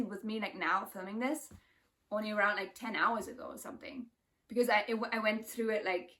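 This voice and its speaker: A woman's voice: mid-range voice, fairly bright tone, recorded from a distance. A woman talking casually to her viewers about a spiritual experience, emphatic and intense, with lots of "like" in her speech. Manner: emphatic, intense, heavy use of "like". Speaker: spiritual vlogger. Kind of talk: casual spiritual vlog talk.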